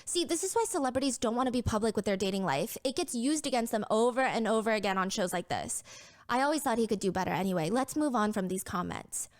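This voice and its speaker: Brisk, incredulous woman commentary host. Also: fairly high pitch, expressive. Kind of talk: storytelling commentary, reading out comments. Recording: played back inside a reaction video.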